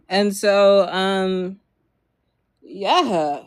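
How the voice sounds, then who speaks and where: A woman's voice: medium pitch, very slow, no room sound. Rambling young woman telling a story. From Maryland, US. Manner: rambling, filler-heavy, laughs often. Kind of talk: storytime vlog.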